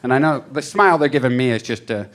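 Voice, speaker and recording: A man in his thirties telling stand-up stories on a comedy club stage. He talks in a loose, conversational way, pokes fun at himself, and sits at an everyday middle pitch. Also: fast talker, fairly bright tone. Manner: conversational, self-deprecating, acts out voices.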